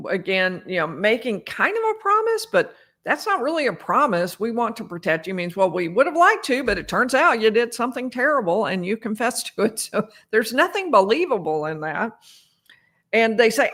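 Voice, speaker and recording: Woman lawyer, chatty trial recap, mid pitch, dramatic quoting. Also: normal speed. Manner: conversational, quoting testimony with animated emphasis. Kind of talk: casual legal commentary.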